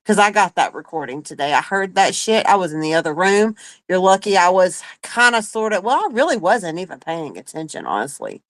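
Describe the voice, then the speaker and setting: A woman's voice: lowish voice, big pitch swings, fairly quick, fairly bright tone, no echo, low-quality recording. Woman in a profane, furious rant. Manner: profane, confrontational, emphatic. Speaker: livestream host. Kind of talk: angry livestream rant.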